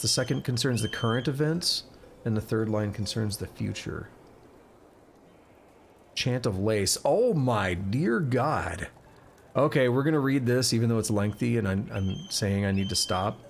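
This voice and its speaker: Excitable male game streamer, chatty. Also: medium pitch, measured pace, vocal fry, slight background noise. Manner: chatty, excitable, reads in-game text aloud with stumbles and self-corrections. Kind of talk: casual live-stream gameplay commentary.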